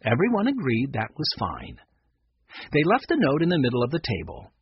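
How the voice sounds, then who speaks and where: A man reads a children's story aloud with a husky voice. His pitch rises and falls widely as he tells it. The recording is dry and slightly dull. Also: moderate pace, no echo. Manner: lively expressive reading. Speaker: narrator. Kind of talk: storybook reading.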